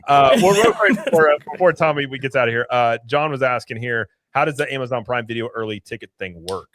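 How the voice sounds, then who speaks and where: A man hosting a livestream, chatting casually and telling animated stories. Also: medium pitch, dry recording. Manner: quick, animated storyteller. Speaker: livestream host.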